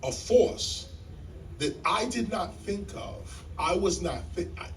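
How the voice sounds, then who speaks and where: A man telling a story to a live audience in a library hall, animated and emphatic like a preacher, repeating key lines and jumping in pitch. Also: slow, recorded from a distance, slight background noise. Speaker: guest speaker on stage.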